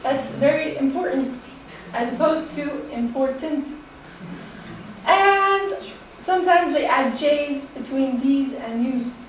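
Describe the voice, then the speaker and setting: An American woman teaching English, giving a slow, deliberate classroom presentation and laughing lightly between points. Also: high voice, heavy reverb, distant mic, a little hiss or hum, rough recording. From United States.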